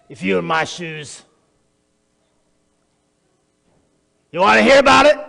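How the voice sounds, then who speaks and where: A man's voice: high voice, gravelly, pushed and bright, exaggerated voice. A man acting a notorious, boastful male criminal in a theatrical monologue, addressing the audience directly. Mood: boastful, manic. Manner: boastful, erratic, talks straight to the audience. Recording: long echoey hall reverb.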